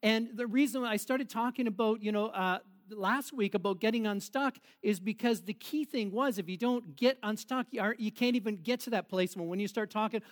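With a high-pitched voice that runs a little fast and hardly pauses, a pastor preaches in church. His manner is jokey and playful, and he laughs with his congregation.

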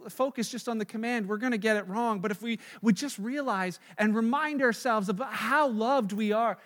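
A man in his thirties preaching a sermon, telling a story in a conversational, animated way with fillers and restarts. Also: very high voice. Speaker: pastor. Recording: long reverb of a large hall.

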